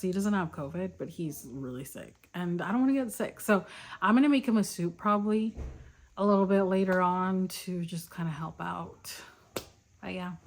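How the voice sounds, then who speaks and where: Chatty young woman gushing over books. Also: mid-range voice. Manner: chatty, gushing, easily delighted. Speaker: book vlogger. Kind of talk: casual reading vlog chat.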